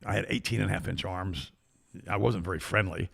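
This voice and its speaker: An older man hosting a studio talk show, telling a rambling, animated story full of restarts. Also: low voice, fairly quick, creaky, background noise. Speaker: show host.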